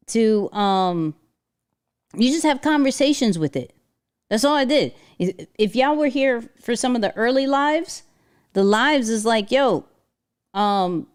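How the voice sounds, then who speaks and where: A woman hosting a casual livestream, talking in an animated, slangy way and laughing often. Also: a little high, clean tone. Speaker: livestream host.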